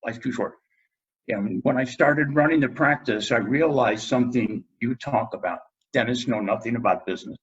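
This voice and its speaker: Middle-aged male guest, husky low voice, lively storyteller doing quotes, muffled lo-fi recording. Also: normal speed. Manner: animated storyteller, acts out quotes. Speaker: guest dentist. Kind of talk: storytelling in a podcast interview.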